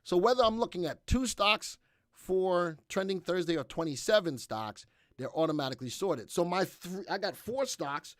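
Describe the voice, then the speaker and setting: A fairly high-pitched man hosts a live stock analysis webcast, bursting into folksy exclamations as he reads charts. He talks straight to his viewers and asks them to answer in the chat. His voice sounds close and dry, with no room echo. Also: animated, moderate pace. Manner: exuberant, folksy exclamations while reading charts. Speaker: stock market webcast host.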